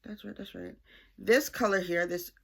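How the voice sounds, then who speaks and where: A woman's voice: on the low side, normal speed, vocal fry, fairly bright tone, slightly rough. A woman hosting a knitting podcast, chatting cheerfully and correcting herself as she shows her projects to the camera. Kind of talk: casual chat showing knitting projects.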